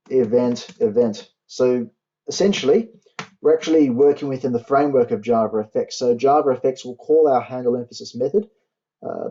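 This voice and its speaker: A young man tutoring a university class, walking through code as he types and spelling out syntax slowly, with keyboard clicks behind him. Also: medium pitch, mellow, lo-fi sound. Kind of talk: coding tutorial.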